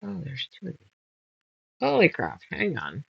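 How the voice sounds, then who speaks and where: A woman's voice: lowish voice, huge pitch swings, normal speed, gravelly, husky, no echo, highs cut off. A woman hosting a casual sew-along, muttering measurements and chatting while she sorts fabric pieces. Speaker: quilting channel host.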